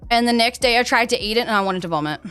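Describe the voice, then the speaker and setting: A woman's voice: fairly high pitch, expressive, rapid-fire, a bit bright, smooth, soft background music. A young Australian woman streaming a game, chatting in a rambling way and answering her chat over a headset mic. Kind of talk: casual chat while gaming.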